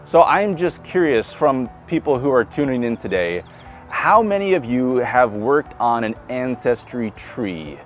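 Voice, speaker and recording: A male pastor with a Midwestern accent gives a relaxed, conversational sermon. His pitch moves widely and expressively, he asks his listeners questions, and faint music plays underneath. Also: unhurried. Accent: Midwestern American. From Nebraska. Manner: conversational, asks the congregation questions, laughs lightly.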